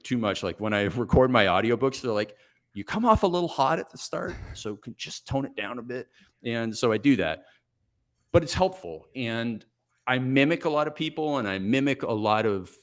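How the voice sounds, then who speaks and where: A man in his forties, a coach guest on a podcast, telling stories in a brisk, energetic, self-reflective way. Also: medium pitch. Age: 40s. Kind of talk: podcast interview, storytelling.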